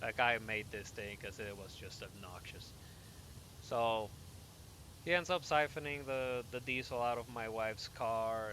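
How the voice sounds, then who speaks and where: Man, young adult, casual gaming chat, bright tone, faint hum behind. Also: mid-range voice. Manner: animated, lots of fillers and self-corrections. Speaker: gaming podcast host. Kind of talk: casual storytelling while gaming.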